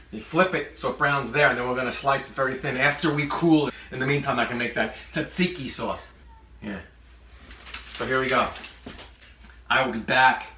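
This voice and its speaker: A man's voice: medium pitch, bright, forceful tone, reverberant, far from the mic, slight background noise. A man hosting a comedic cooking demonstration in his kitchen, full of joking asides. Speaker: cooking show host. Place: home kitchen.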